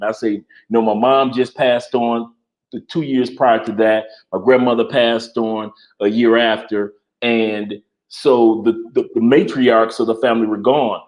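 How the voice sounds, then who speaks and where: A man with an ordinary mid-pitched voice talks in a relaxed chat. He reflects as he speaks and often repeats a word or two before finding his point. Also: normal speed. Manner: reflective, repeats words while gathering thoughts. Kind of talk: casual chat.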